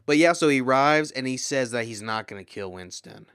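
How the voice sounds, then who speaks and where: A man co-hosting a podcast, reviewing a movie in an excitable, rambling, profane way. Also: mid-range voice, fairly quick, smooth, no echo, studio quality. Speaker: podcast co-host. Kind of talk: casual movie review chat.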